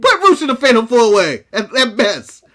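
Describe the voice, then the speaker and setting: An American man co-hosting a podcast, chatting casually in an animated, joking, opinionated way and laughing often. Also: very high voice, normal speed. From United States. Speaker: co-host of a wrestling podcast. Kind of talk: casual chat.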